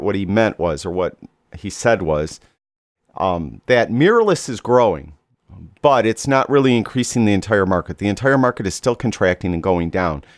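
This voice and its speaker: A man hosts his podcast in a low, steady voice. He talks casually and loosely, with fillers and quick self-corrections. The sound is close and dry, with no room around it. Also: no echo. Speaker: podcast host. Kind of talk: casual solo podcast talk.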